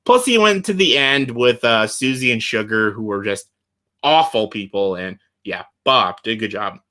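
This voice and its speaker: A man's voice: fairly low pitch, animated, normal speed, sharp tone. A man talking casually on his vlog as he ranks favorites, enthusiastic and blunt, swearing freely and filling gaps with "like" and "uh.". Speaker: YouTuber ranking show winners.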